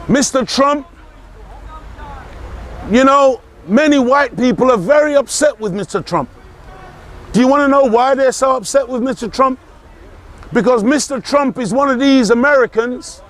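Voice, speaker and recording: A man giving an impassioned political talk, forceful and emphatic, repeating key phrases and rising to shouts. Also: very high-pitched. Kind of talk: impassioned speech.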